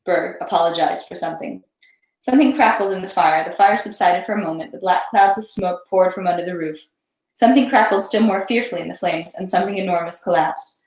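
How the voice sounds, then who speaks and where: A woman reads a classic novel aloud, steady and even, and afterward chats casually about it. Her voice sits low, and the recording carries a roomy echo. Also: fairly quick. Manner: steady reading, chatty afterward. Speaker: read-aloud host. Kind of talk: literary narration, then casual chat.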